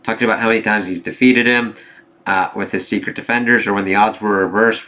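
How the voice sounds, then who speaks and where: A man's voice: lowish voice, fairly even intonation, quick pace, sharp tone. A man giving a casual, loosely conversational review, recounting a comic issue and reading its dialogue aloud. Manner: loose conversational retelling with fillers and swearing; reads quoted dialogue aloud mostly in his own voice.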